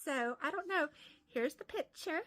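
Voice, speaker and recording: A woman's voice: sits high, expressive, moderate pace, pushed and bright. A woman from West Virginia with an Appalachian accent, telling a casual story full of fillers and restarts. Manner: rambling, many fillers and restarts. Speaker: comedian vlogger.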